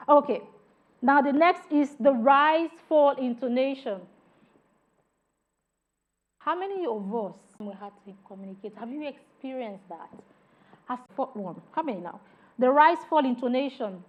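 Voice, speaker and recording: A woman with a high voice gives an emphatic training lecture on customer service and talks straight to her trainees. She acts out each tone of voice to show it. The sound is thin and narrow, like a phone line. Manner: emphatic, demonstrates tones by example; addresses trainees directly.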